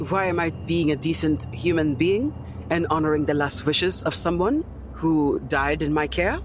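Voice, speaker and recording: A man acts out a hardened young woman field medic with a French accent. She stays polite and reserved, never soft for long. Audible background noise sits under the voice. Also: on the high side, normal speed, voice pushed up, close to an everyday voice. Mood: indignant. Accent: French, put on.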